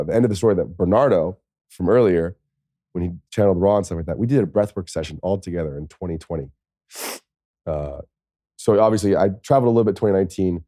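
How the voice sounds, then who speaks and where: A man with a low, dark voice tells a personal story as a podcast guest. He rambles in an animated way and leans on "like" as filler. The sound is dry and close. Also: no echo. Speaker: interview guest, former NFL tight end. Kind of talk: candid storytelling.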